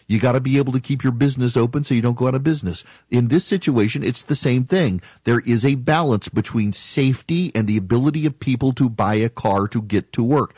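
A man's voice: medium pitch, fairly quick, few pauses, a little mellow, husky, dry recording. Emphatic, argumentative talk radio man. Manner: emphatic, argumentative, mock-quotes critics. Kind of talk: opinionated talk radio monologue.

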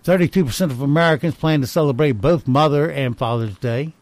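In a dry recording, a man with a voice on the high side hosts a radio show at a fairly quick pace. He reads poll results and fun facts aloud in casual banter, adding wry, dry little asides.

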